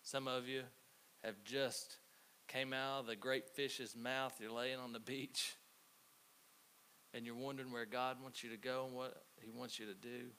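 Bright-voiced preacher man. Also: mid-range voice, flat delivery. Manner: conversational preaching with halting restarts in anecdotes. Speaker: pastor. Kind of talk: sermon. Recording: faint hiss.

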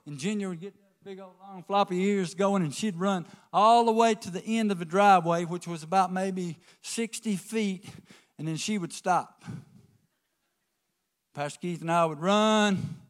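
A man preaching a folksy sermon, swinging from quiet asides to emphatic calls to the congregation. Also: high voice, moderate pace. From American South. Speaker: pastor.

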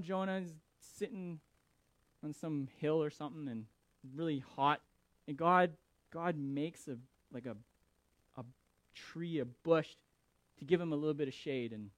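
A male pastor preaching a sermon, animated and emphatic with dramatic pauses. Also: a little high, no echo.

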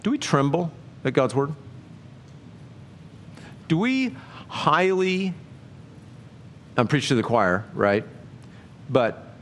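A man preaching a sermon in a conversational way, asking his listeners many rhetorical questions and often jumping up in pitch for emphasis. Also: big pitch swings, slow, long pauses, a little hiss or hum. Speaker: pastor.

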